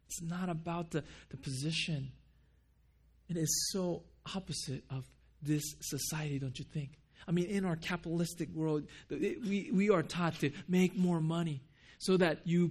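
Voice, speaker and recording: Man, pastor, preaching in church, earnest, repeats words for emphasis, slightly higher voice. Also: moderate pace, a little mellow. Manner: preaching, asks the congregation questions. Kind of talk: sermon. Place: church building.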